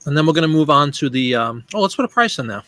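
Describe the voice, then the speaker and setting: A man's voice: fairly high pitch, big pitch swings, fast, a bit bright, no room sound. A man hosting a casual live stream, thinking aloud as he works and chatting with viewers by name. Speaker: live-stream host and online seller.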